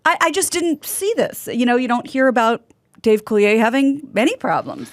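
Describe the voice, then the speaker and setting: A woman's voice: on the high side, lively intonation, normal speed, no room sound. Dry-sounding woman reading news wryly. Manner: wry, reads quotes aloud. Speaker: news segment co-host. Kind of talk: casual chat and reading news items.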